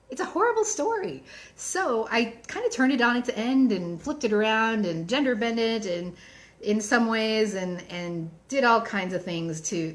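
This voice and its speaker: A woman author in a casual live-streamed book chat, chatty and enthusiastic, reading out book titles between frequent ums. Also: mid-range voice.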